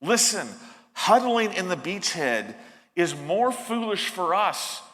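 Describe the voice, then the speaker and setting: A man's voice: high-pitched, very animated, slow pace, a bit bright, in a large hall. A man preaching a sermon as pastor, earnest and emphatic, often restarting his phrases. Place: church sanctuary.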